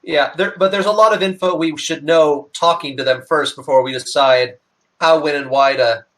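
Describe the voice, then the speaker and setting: High, bright man rambling at the table. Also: fairly even intonation, moderate pace. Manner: rambling, eager technobabble. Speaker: player. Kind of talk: casual tabletop game chat.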